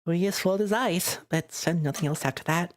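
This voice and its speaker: A woman's voice: on the low side, a little fast. A woman streamer reading a dating game aloud live, chatty and giggly, voicing the narration and lines.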